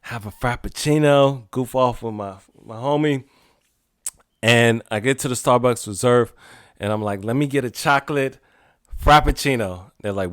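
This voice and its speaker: A man hosting a podcast alone, telling a rambling casual story with frequent laughs and sudden animated outbursts. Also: mid-range voice, moderate pace, dry recording, studio quality. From United States. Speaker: podcast host. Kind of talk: casual solo monologue.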